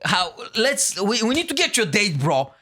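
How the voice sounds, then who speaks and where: A young man hosting a podcast in casual chat, with a mixed Eastern European and American accent, rambling loudly and swearing all the time. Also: high-pitched, big pitch swings, normal speed. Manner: loud, rambling, swears constantly. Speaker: podcast host, stand-up comedian.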